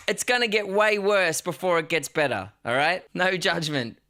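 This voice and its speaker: While recording a song in his home studio on a live stream, a weary musician talks casually, swears a lot and makes fun of himself. He speaks at normal speed in a high-pitched voice, over loud music from the track he's recording.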